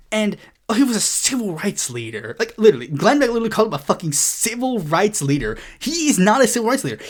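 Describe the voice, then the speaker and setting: A woman hosting a political commentary show, ranting in a heated, profane way and rambling with many restarts. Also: medium pitch. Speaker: host.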